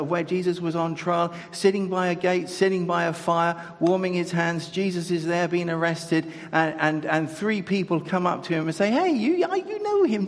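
A man preaching a sermon in a conversational way, asking his listeners rhetorical questions. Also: high voice. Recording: echoey hall.

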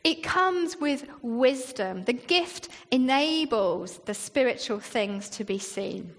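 Woman giving a chatty sermon, lots of "isn't it?" questions, high voice. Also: lively intonation, slow pace. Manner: conversational, with rhetorical questions and acted-out quotes. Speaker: church leader preaching. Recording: long reverb in a hall.

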